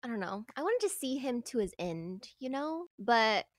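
A woman co-hosting a podcast in casual chat, bubbly and quick to laugh. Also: a little high, sing-song, dry recording, studio quality.

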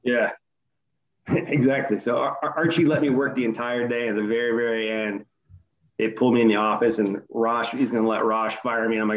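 Man, middle-aged, lively profane storyteller, muffled lo-fi sound. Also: medium pitch, brisk. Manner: animated, profane retelling, voice rising in quoted outbursts. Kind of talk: casual chat.

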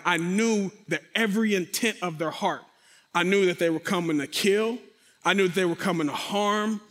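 A man telling a dramatic personal testimony, speaking directly to his audience and acting out sound effects. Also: sits high. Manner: animated, acts out sound effects and quotes. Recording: long reverberant hall.

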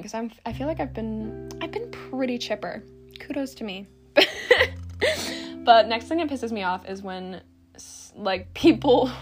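A young woman hosting a casual solo podcast, ranting bluntly and sarcastically with lots of swearing and laughter. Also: fairly high pitch. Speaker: podcast host.

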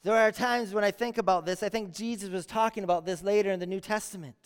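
Very high-voiced male pastor preaching. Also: fairly even intonation, fast talker, smooth. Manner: earnest preaching with rhetorical questions and repeated phrases. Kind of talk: sermon. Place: church sanctuary. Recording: long church hall reverb.

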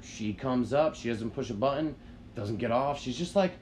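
A man's voice: mid-range voice, normal speed, darkish tone, a little hiss or hum. A man telling a long story on a podcast in casual chat, rambling and swearing, with lots of "like" fillers. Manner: rambling, profane, frequent "like" fillers. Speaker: podcast co-host.

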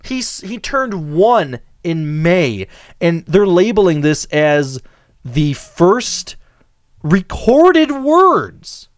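A man hosting a podcast in casual chat, sarcastic and animated, laughing often. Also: a little high, slow pace, dry recording. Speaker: podcast host.

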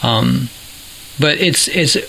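A man's voice: medium pitch, animated, drawn-out words, gravelly, pushed and bright, a little hiss or hum, low-quality recording. A man co-hosting a podcast in casual chat, chatty and laughing at his own stories. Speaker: podcast co-host.

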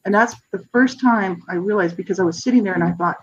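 A middle-aged guest author giving a personal testimony in an interview, earnest and halting, with many restarts. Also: medium pitch, breathy edge, lo-fi sound.

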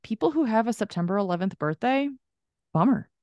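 A woman's voice: on the high side, lively intonation, brisk, darkish tone, no echo. A woman co-hosting a podcast in casual chat, rambling with lots of fillers and side notes, her voice a little strained. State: strained vocal cords. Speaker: podcast co-host.

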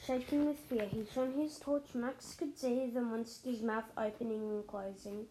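A woman reading a children's story aloud, expressive, with dramatic pauses and sound words. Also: fairly high pitch, background noise.

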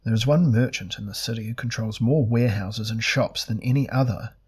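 A man's voice: medium pitch, brisk, darkish tone, slightly rough. A man voicing an intense, scrawny merchant spokesman who speaks in an insistent, aggrieved way.

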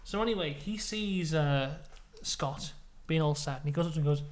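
British man, comic storytelling, deadpan, playful, podcast host. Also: fairly high pitch, normal speed. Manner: playful, deadpan tall tales.

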